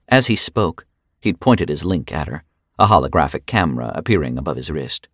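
A man narrating an audiobook in an expressive, wry way. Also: a bass voice, fairly quick, no echo, clean studio sound.

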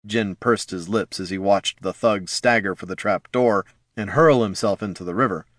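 A man narrating a fantasy audiobook in a steady, measured way. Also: lowish voice, dry recording, studio quality.

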